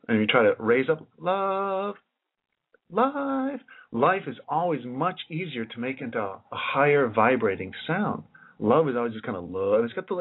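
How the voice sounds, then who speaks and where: This independent researcher's voice sits at medium pitch with a breathy edge. He rambles through his presentation, thinking out loud, often repeating himself and starting phrases over, all captured on a tinny lo-fi recording.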